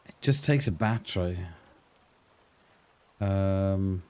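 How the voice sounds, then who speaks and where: Slow-talking gaming streamer. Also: male voice, deep voice, dark tone, clean tone. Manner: chatty, greets viewers by name, thinks aloud. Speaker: streamer playing a survival game. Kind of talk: casual live-stream chat.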